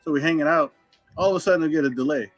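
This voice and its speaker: A man's voice: fairly high pitch, rapid-fire, no room sound, soft background music, rough recording. A man co-hosting a live stream, telling a story in an easygoing way and laughing often.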